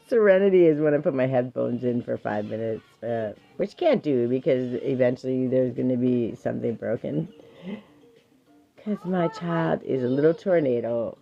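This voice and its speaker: A woman's voice: sits low, muffled recording. A woman streaming live, reading affirmations and firmly but patiently parenting her child in between, laughing often.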